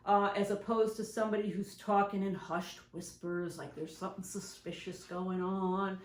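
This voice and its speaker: A woman's voice: medium pitch, flat delivery, moderate pace, few pauses. A woman who is a professional dog groomer and shop owner, giving chatty, rambling how-to advice in a grooming salon. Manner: chatty and rambling, often acting out examples. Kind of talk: casual instructional talk to camera. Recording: echoey room.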